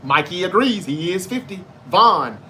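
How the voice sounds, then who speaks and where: Southern US male host, slightly high, punchy bright tone, casual and profane, talks straight to chat. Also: lively intonation, a little slow, a little hiss or hum. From Memphis, Tennessee. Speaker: livestream show host. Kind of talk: casual chat reading viewer comments.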